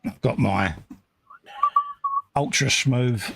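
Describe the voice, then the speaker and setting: A man's voice: medium pitch, drawn-out words, gravelly, background noise. A man chatting casually and joking with his co-host while talking through each step of building a model kit.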